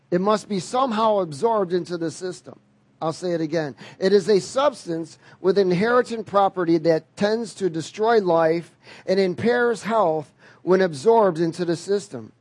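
A man's voice: high-pitched, a little mellow, no echo. A man preaching a sermon in an emphatic way, repeating key phrases and drawing call-and-response from the congregation.

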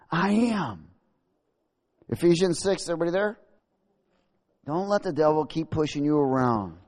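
A man's voice: on the high side, darkish tone. A male pastor preaching and reading scripture aloud, exclaiming and laughing often. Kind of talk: sermon.

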